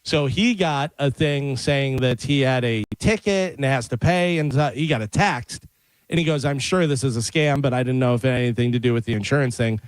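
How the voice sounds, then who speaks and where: Male radio co-host, mid-pitched, dry studio sound, animated storyteller who acts out voices. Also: brisk, clean tone, no room sound, rough recording. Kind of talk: casual radio banter.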